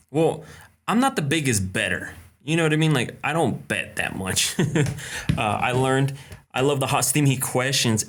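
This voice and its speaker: A young man hosting a casual live stream, greeting viewers by name in a relaxed, chatty way and dropping in short Spanish greetings. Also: medium pitch. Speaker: live-stream host answering viewer questions.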